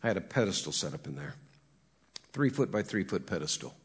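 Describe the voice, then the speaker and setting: A man's voice: low voice, very animated, fairly quick, husky. A middle-aged man, a horse trainer and cowboy preacher, telling folksy stories about horses and acting out what they think. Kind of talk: folksy storytelling with a sermon message.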